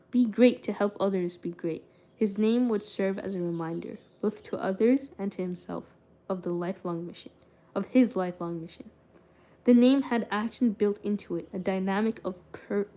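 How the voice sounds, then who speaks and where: A woman's voice: mid-range voice, warm tone. Young woman reading aloud and chatting on stream. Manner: reads with frequent stumbles and restarts, then chats loosely with many "like"s. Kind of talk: casual book reading and live-stream chat.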